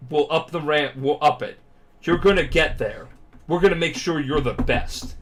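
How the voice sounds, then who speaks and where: A man's voice: a little high, normal speed, fairly bright tone, close to an everyday voice. A drunk man voicing a grown superhero mentor who speaks in a hearty, reassuring way. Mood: encouraging. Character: grown male superhero mentor, gruff and encouraging.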